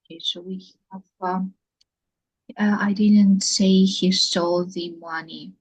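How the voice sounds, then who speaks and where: A woman's voice: mid-range voice, steady tone, takes it slowly, slightly rough, low-quality recording. A woman, a trainee answering in an online class, sounding unsure.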